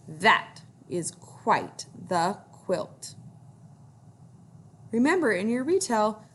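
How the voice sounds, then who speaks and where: Woman teacher, reading a picture book aloud, encouraging kids to join in, unhurried, lively pitch. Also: slight background noise. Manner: warm and encouraging, asks children to join in.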